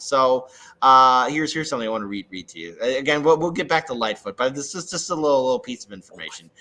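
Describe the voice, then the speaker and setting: Hesitant bright-voiced man from Chicago. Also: a little high, poor audio. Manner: halting, with many fillers and restarts. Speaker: guest commentator. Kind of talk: casual political talk over a call.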